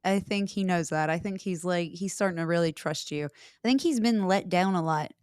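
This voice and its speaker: A woman's voice: lowish voice, normal speed, darkish tone, clear, resonant tone, no echo, studio quality. A woman podcast host and mother in casual chat, chatty and giggly, rambling as she talks. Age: adult with children.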